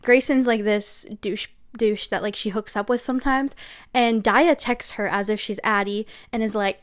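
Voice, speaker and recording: A woman's voice: mid-range voice, steady tone, moderate pace, smooth. A young woman giving a casual, sarcastic book recap, gossipy and full of asides like "okay?". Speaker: book reviewer.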